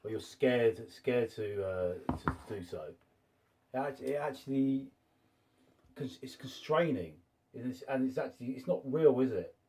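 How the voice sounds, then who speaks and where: A man's voice: medium pitch, expressive, a little slow, mellow, a little hiss or hum. A man arguing his point in a casual debate, emphatic and repeating words as he pushes on. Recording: voice a little far from the mic.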